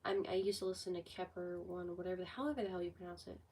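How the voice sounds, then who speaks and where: A sixteen-year-old girl chatting casually on a livestream, rambling with lots of "like", her voice a bit hoarse from a cold. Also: fairly low pitch, flat delivery, racing, warm tone, recorded from a distance, slight background noise, low-quality recording. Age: teens. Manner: rambling, heavy use of "like". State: sick with a cold, voice going hoarse. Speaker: livestreamer answering chat.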